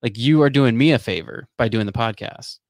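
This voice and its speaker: A man's voice: medium pitch, brisk, no room sound, studio quality. A man hosting a podcast in a casual interview chat, easygoing, with frequent short agreements. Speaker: podcast host.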